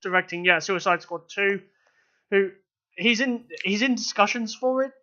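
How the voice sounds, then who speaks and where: High-voiced young man, lo-fi podcast. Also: a crowd in the background. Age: young adult. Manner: laughs often, swears, quick asides. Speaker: podcast co-host. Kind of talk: casual chat. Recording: dull lo-fi audio.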